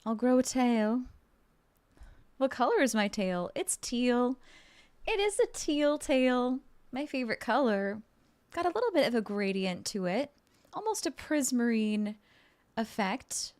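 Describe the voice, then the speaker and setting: A woman game streamer chatting casually with her viewers while playing, bubbly and excitable, playful and joking. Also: a little high, unhurried, pauses often. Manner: bubbly and excitable, with gasps and giggles; playful, jokes and role-plays as a mermaid.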